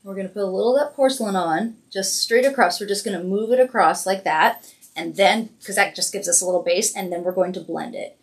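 A woman's voice: medium pitch, fairly quick. A woman hosting a casual weekly livestream makeup tutorial, chatty and encouraging as she narrates each step. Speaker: makeup brand host doing a weekly live demo.

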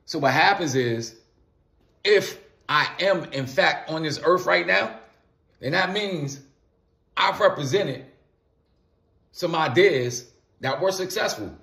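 Guy rambling deep thoughts to his viewers, kinda high voice, keeps repeating himself, roomy echo. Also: animated, takes it slowly, creaky, long pauses, pushed and bright. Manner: repetitive, emphatic, loose slang address. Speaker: vlogger. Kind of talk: casual philosophical monologue. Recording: echoey room.

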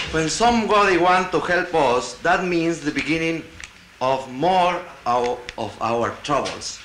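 Man, bright, echoey. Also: a little high, slight background noise. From Latin America. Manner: halting, with restarts and wry asides. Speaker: conference delegate. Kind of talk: conference speech, partly reading a paper aloud. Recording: echoey hall, 1960 archive tape.

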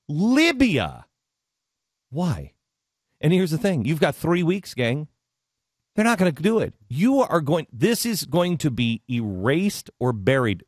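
A man's voice: on the high side, no echo, studio quality. A middle-aged male radio host talking politics with passion, hammering the same question again and again. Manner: impassioned, repeats questions. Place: radio studio.

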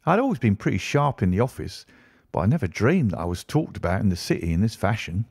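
A man narrating an audiobook in an expressive first-person storytelling manner. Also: fairly low pitch, fast talker, gravelly, husky, no room sound, studio quality.

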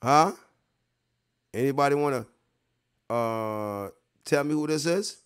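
A man's voice: medium pitch, measured pace, clear, resonant tone. A man hosting a casual online livestream, talking straight to his viewers in a rambling, profane way and repeating himself for emphasis. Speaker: online show host.

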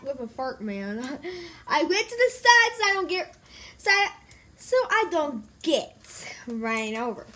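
A woman's voice: high-pitched, big pitch swings, takes it slowly, pushed and bright, slight background noise. A woman telling a silly made-up story in a giggly, rambling way, switching between voices. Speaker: vlogger.

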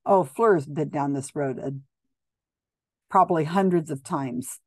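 A woman's voice: low-pitched, a little slow, darkish tone, no room sound, studio quality. A woman giving skeptical, blunt video commentary, talking casually with frequent ums and restarts. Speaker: commentator reviewing psychic videos.

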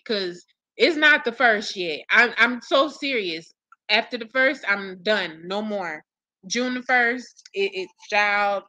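Blunt, bright-voiced woman vlogger. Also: fairly high pitch, dry recording. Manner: blunt, profane and exasperated. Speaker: commentary channel host. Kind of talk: casual gossip commentary to viewers.

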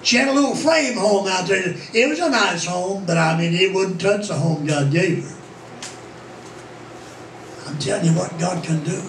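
An older man preaches in a folksy, storytelling way, his voice pitched high. He is heard from a distance in an echoey church, with a faint hiss behind him. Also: normal speed, a bit bright. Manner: folksy, plain-spoken, rising to fervent exclamations. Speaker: pastor. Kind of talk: sermon storytelling. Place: church sanctuary.

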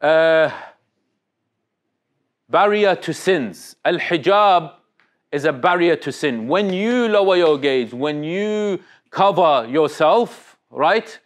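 Man, slightly high voice, religious talk, conversational, questions the crowd. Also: lively intonation, takes it slowly. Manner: conversational, questions the audience, many restarts. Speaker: Islamic speaker. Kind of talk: interactive religious talk to youth.

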